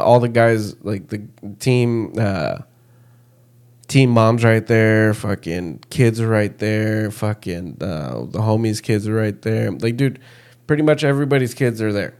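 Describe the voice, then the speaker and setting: A man's voice: fairly low pitch, measured pace, a little mellow. A man in casual chat, retelling a heated confrontation with heavy swearing. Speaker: storyteller.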